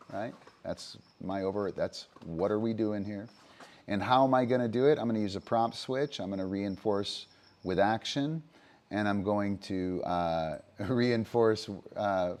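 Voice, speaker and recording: A man's voice: fairly low pitch, darkish tone. A man livestreaming as a dog trainer, explaining his methods casually with frequent fillers and "right?" checks.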